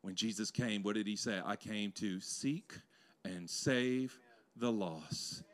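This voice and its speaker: Man preaching with swings from loud to hushed. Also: on the low side, slow. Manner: conversational, uses playful asides to the congregation. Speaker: pastor. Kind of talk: sermon. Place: church sanctuary before a congregation.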